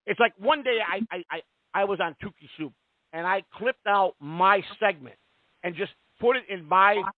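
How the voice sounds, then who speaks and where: Man, radio call-in host. High and lively voice, profane and rambling, tinny dry line. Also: normal speed, no room sound. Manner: profane, rambling and heated, with many restarts. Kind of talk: casual call-in radio talk.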